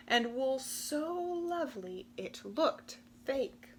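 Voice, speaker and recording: Female storybook reader, higher voice, unhurried, animated delivery. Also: slight background noise. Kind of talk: children's picture book read-aloud.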